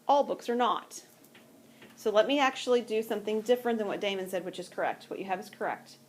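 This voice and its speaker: A woman's voice: mid-range voice, quick pace. A woman teaching math to a class, talking patiently and conversationally and often checking that students follow. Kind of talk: classroom lecture.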